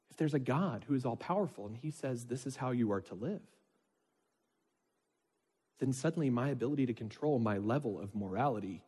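A man's voice: a little high, warm tone, slightly rough. A man preaching as a pastor, talking conversationally, checking in with listeners, and reading scripture aloud with mounting intensity. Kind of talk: sermon. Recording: long reverb of a large hall.

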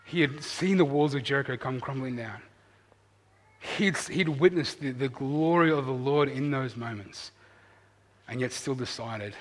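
A man preaching a sermon in an earnest, animated way, rising to loud emphasis and dropping to quiet asides. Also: medium pitch, measured pace, long reverb tail. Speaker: pastor.

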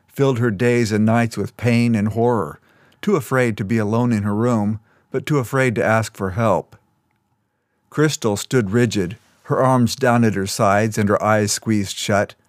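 A man reading scripted fiction aloud in a measured, even storytelling manner. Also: fairly low pitch, dry recording, studio quality. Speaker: audiobook narrator.

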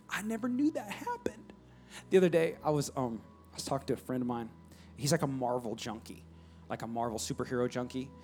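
High-voiced animated man preaching. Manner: animated, swings between loud calls and soft near-whispers, audience prompts. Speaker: pastor. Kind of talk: sermon.

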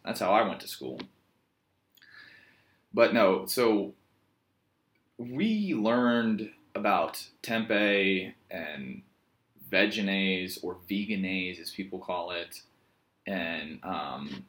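This Virginian man, a yoga teacher with a local accent, uses a low, slightly bright voice in an animated and somewhat slow delivery. His casual monologue is a meandering, jokey story told with plenty of self-mockery.

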